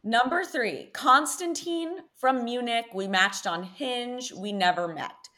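A young woman from Connecticut hosting a podcast, telling dating stories in an animated, chatty way full of "like". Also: on the high side, slow. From Connecticut, USA. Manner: chatty, animated storytelling with frequent "like". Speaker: podcast host. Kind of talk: casual chat.

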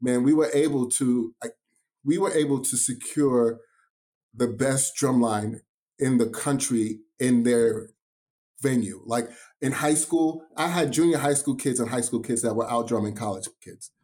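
Male guest, New York-raised drum teacher, emphatic storyteller, mid-pitched voice. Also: unhurried, dark tone. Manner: enthusiastic, emphatic, says "man" a lot. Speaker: drumline instructor and podcast guest. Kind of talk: casual interview storytelling.

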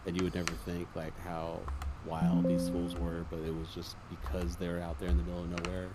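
A man co-hosting a podcast in casual chat, giving short, relaxed replies. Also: low voice, fairly quick, loud music behind the voice. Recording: audible background noise.

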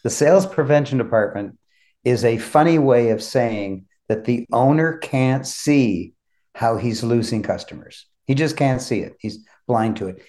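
A man hosting a podcast, telling a story in a measured, descriptive way. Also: mid-range voice, a little mellow. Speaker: podcast host. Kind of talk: conversational storytelling.

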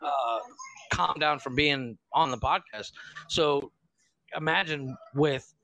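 A man's voice: on the high side, slow pace, vocal fry, bright, forceful tone, dry recording, low-quality recording. A man co-hosting a podcast, chatting casually with joking asides and short agreements. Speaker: podcast co-host. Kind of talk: casual banter.

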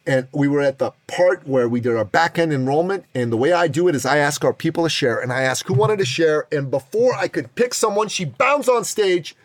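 A man's voice: fairly high pitch, animated, a little fast, few pauses, no echo. Middle-aged guy hyping up a success story, punchy and dramatic, dry close sound. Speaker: podcast host. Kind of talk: motivational storytelling monologue.

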